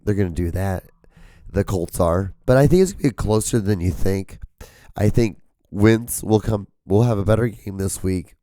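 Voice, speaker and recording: A hoarse young man with a sore voice, rambling casually on his solo podcast, full of fillers and a slight upspeak. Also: lowish voice, warm tone, no room sound, studio quality. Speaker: podcast host. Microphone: camera mic, solo filming.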